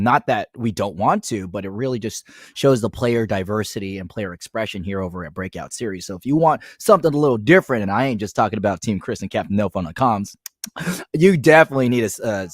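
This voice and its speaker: A man's voice: fairly low pitch, lively intonation, fast talker, no room sound, clean studio sound. A man co-commentating a fighting game tournament in a wry, joking way. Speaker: esports commentator.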